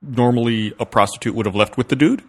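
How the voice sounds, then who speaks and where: A man's voice: mid-range voice, quick pace. A man co-hosting a podcast, chatting casually with short, wry interjections and jokes. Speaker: podcast co-host. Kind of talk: casual chat.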